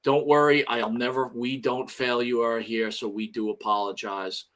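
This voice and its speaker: A man's voice: mid-range voice, flat delivery, moderate pace, fairly bright tone. An older man co-hosting a casual live wrestling show. He rambles, swears freely and reads out names from the chat. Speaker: podcast co-host.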